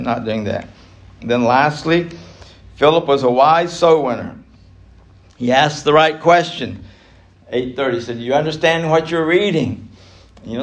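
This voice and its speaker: Middle-aged man teaching a Bible class; somewhat high-pitched, emphatic delivery with frequent chuckles and repeated lines. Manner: emphatic, laughs often between points.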